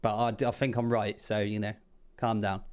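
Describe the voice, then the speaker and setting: Excitable man reacting to music. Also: on the low side, moderate pace, clear, resonant tone. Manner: excitable and chatty, swears freely. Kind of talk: casual reaction commentary.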